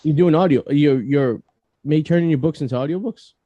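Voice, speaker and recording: Man, Boston accent, podcast host, joking banter, mellow tone, dry sound. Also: fairly high pitch, a little fast, no room sound, dull audio. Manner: joking, self-mocking banter. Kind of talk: casual podcast interview.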